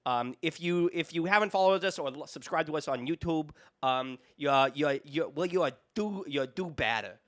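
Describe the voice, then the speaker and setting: A man's voice: on the high side, normal speed, hardly any pauses. A young man hosting a casual podcast chat, rambling and self-mocking, often breaking into laughter. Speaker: podcast host.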